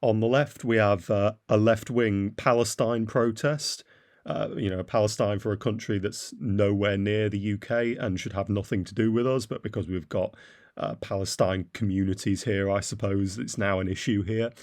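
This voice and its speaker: A man's voice: fairly low pitch, fairly even intonation, normal speed, a little mellow. A man giving a blunt, derisive opinion monologue as a commentator, with frequent "uh" fillers. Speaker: political commentator.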